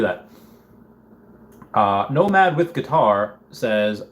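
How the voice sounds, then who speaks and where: A man hosting a casual livestream, reading chat comments aloud and thinking out loud in a rambling way. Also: medium pitch, big pitch swings, slow pace, pauses often, slight background noise. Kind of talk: casual live-stream chat.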